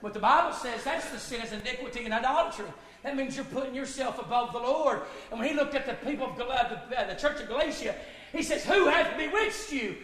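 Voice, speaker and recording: A man, a pastor preaching an emphatic sermon with folksy asides and bursts of shouting. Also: very high-pitched, quick pace. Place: church sanctuary. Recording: echoey hall.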